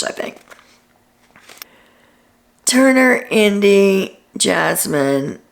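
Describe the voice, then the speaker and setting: A woman's voice: deep voice, creaky. A woman hosting a casual reality TV recap, retelling what people said in a chatty way with ums.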